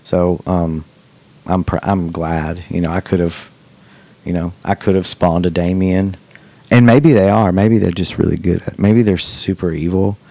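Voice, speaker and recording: Middle-aged guy rambling on his podcast, swears a lot, kinda low voice. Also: fairly even intonation, unhurried, gravelly, dark tone. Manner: rambling, joking, swears freely. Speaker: podcast host. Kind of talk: casual chat.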